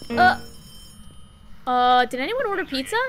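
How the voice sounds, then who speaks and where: A woman's voice: high-pitched, animated, a little slow, a bit bright, faint music behind. A woman streamer chatting playfully while playing a ghost-hunting game, teasing and giggling. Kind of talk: casual gaming chat.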